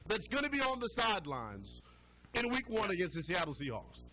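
A man's voice: sits high, wildly swooping pitch, brisk, bright, forceful tone. A man co-hosting a casual sports talk show, emphatic and full of rhetorical questions.

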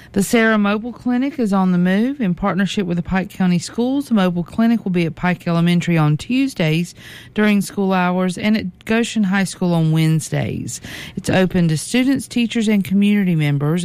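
A woman reading local community announcements on the radio in a smooth, steady announcer style. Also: lowish voice, no room sound. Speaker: local radio news reader.

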